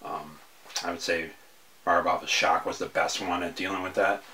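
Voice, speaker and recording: Deep-voiced guy chatting about his movie picks, lots of ums and restarts, loose and casual. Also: fairly even intonation, normal speed, pushed and bright. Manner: rambling, hesitant, many fillers and restarts. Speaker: horror film reviewer. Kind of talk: casual video review.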